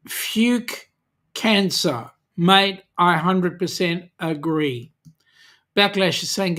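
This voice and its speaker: A man's voice: high voice, fairly bright tone. An Australian man hosting a casual livestream, reading out viewer comments and greeting each one in a friendly way, with lots of "um"s. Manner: slow, friendly, with many "um"s, greeting viewers by name. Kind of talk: casual live chat.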